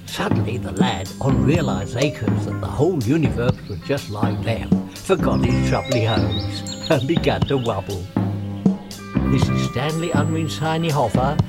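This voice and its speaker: A man's voice: medium pitch, animated, measured pace. A man narrating a comic story in playful, garbled nonsense words. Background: music.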